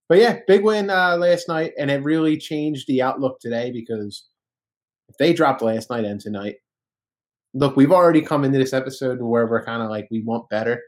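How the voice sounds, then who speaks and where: A man's voice: medium pitch, moderate pace, darkish tone. Man co-hosting a casual sports podcast. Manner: conversational, opinionated, frequent fillers. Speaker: podcast co-host.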